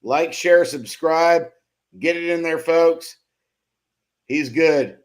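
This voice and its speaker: A man's voice: a little high, slow. A man hosting a BMX live stream, reading chat comments aloud and teasing viewers with loose, profane jokes and frequent laughs. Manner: joking, profane, laughs often; loose and teasing with chatters by name. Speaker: host of a BMX live show.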